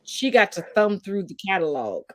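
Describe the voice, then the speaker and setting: A woman in her forties co-hosts a live stream, brash and profane, teasing her co-host and swooping up loud when excited. Her voice is medium-pitched at a normal speed, with a noisy background.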